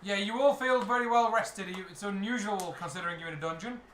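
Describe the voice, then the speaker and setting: A man narrating a tabletop game as dungeon master, explaining rules and describing scenes in a relaxed way. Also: sits high, fast talker. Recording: echoey room, mic from some distance, faint noise.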